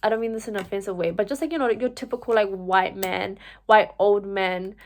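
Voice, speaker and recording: This young vlogger tells a personal story to the camera in a chatty, filler-heavy style with plenty of "like," perking up when she quotes herself. Her mid-range voice is fairly quick, and there's a little hiss or hum.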